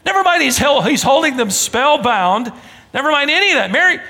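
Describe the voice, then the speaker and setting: Male pastor, emphatic sermon delivery, bright tone, long hall echo. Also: very high-pitched, a little fast. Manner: animated preaching, emphatic rises and drops to near-whisper.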